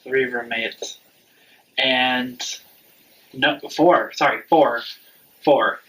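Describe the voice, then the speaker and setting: A man's voice: medium pitch, steady tone, drawn-out words, a bit bright, distant mic, slight background noise, poor audio. A man in his twenties telling a personal story in casual chat, rambling and frank, swearing freely. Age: 20s. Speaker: vlog regular.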